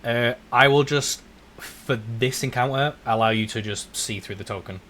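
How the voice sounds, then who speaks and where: A man's voice: mid-range voice, moderate pace, slight background noise. Hesitant man running a game. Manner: hesitant, repeats words, relaxed. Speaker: game master. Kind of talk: running a tabletop game online.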